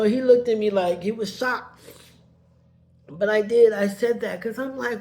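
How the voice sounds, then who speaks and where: A woman's voice: a little high, a little slow, a little mellow. A woman telling a painful personal story in a rambling way, heated at first and then subdued, sometimes tearful.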